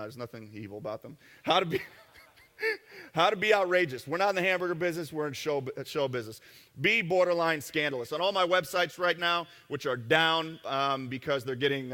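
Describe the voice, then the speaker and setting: A man giving a live marketing seminar talk to an audience, joking and brash, tossing quick asides to the crowd. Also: mid-range voice, bright, forceful tone, in a large hall. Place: event room with an audience.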